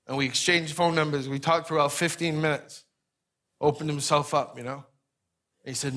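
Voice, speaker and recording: Male preacher, high bright voice, animated sermon storytelling. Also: fairly quick. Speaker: pastor.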